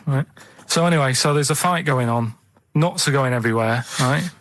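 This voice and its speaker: A man, telling rambling stories on a radio show in a deadpan, halting way. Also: mid-range voice, slight background noise. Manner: deadpan, halting, plain-spoken. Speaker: regular radio co-presenter. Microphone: studio microphone.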